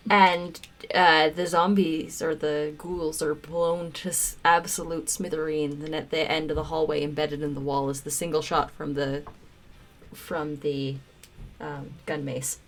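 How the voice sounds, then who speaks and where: A woman narrating as game master of a tabletop role-playing game, halting often with filler words. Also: deep voice, flat delivery.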